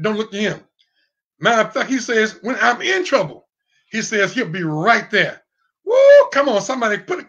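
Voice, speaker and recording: A man's voice: high voice, sharp tone, highs cut off. A man preaching an online sermon, fiery, with call and response and sudden whoops. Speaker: pastor.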